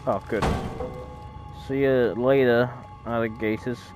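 A man's voice: medium pitch, slow pace, music in the background. A man giving casual, jokey let's-play commentary on a horror game, easily startled and chatty. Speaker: gaming YouTuber.

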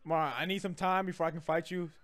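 A man hosting a gaming session, trash-talking his opponent, jumping from yells to low taunting mutters and laughing a lot. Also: fairly even intonation, fast talker. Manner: swings between yelling and low taunting mutters, laughs often. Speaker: gaming channel host. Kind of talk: trash-talking gameplay commentary.

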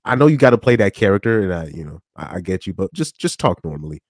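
Man, lowish voice, dry close sound, casual reaction commentary, stammers and restarts. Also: fast, no echo. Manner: animated, stammering restarts, laughs often.

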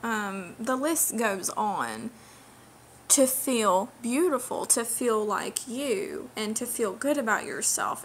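Young woman ranting into her camera, kinda high voice, repeats stuff for emphasis, bit of faint background hiss. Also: a bit bright. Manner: indignant, emphatic, lecturing, repeats key phrases. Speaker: vlogger. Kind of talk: direct-to-camera rant.

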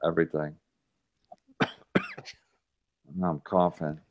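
A man's voice: deep voice, flat delivery, takes it slowly. Guy hosting a podcast, cussing a lot, keeps tripping over his own words. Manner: profane, stammering restarts. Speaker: podcast host. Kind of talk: casual chat.

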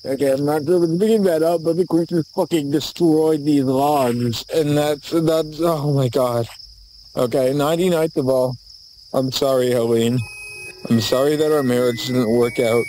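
A video creator films himself on a handheld camera in a dark forest, nervously rambling, stammering and swearing his way through a mock apology for a horror comedy short. His fairly high, mellow voice keeps a moderate pace and fairly even intonation. Faint crickets and insects can be heard, and the rough recording has slight background noise.

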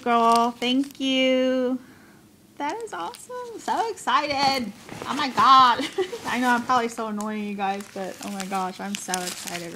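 A woman with a gushing, giggly manner, excitedly unboxing gifts in a chatty video. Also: medium pitch. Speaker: craft vlogger. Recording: noisy home recording. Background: paper crinkling.

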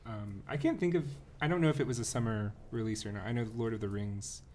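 A man in his forties co-hosting a movie podcast, telling rambling and animated anecdotes. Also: fairly low pitch, fast talker. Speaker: podcast co-host. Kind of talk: casual roundtable chat.

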